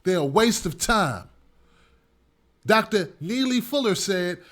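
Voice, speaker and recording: A man with a notably high voice holds forth as host of his own commentary show. He speaks emphatically and repeats his points to hammer them home, in a ranting monologue. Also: very animated, slow, pauses often, fairly bright tone.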